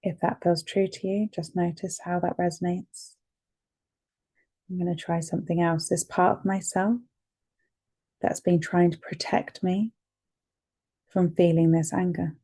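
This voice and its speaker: A woman leads a tapping session in a calm, gentle voice, giving phrases for the listener to repeat. Her voice sits low with a flat, even melody. There is a gravelly edge of fry. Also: unhurried, pauses often. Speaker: EFT tapping guide.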